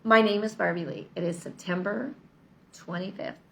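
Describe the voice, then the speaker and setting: A woman's voice: mid-range voice, fairly even intonation, moderate pace, gravelly, a little hiss or hum. A woman talking in a casual motivational vlog, chatty, upbeat and persuasive. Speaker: vlogger. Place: lives in Mexico.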